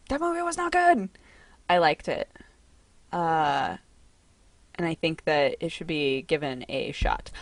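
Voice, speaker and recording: A young woman hosting a casual livestream from home. She talks in a chatty, excitable way and coos to her cat. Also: on the low side, no room sound. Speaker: livestream host.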